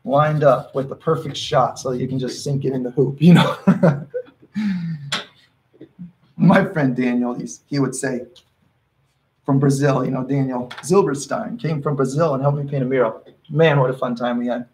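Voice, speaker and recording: Teaching a live painting workshop, this instructor walks through his brushwork casually and encouragingly, restarting sentences as he thinks aloud. He speaks at normal speed with a medium-pitched, steady, darkish voice, and the rough recording carries slight background noise.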